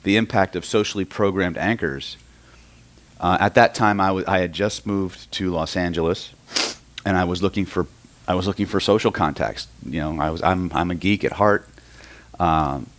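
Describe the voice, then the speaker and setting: Deep-voiced man lecturing a seminar. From Oklahoma, US. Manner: storytelling, keeps checking in with the room. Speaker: hypnosis and NLP trainer. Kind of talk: live seminar lecture to an audience.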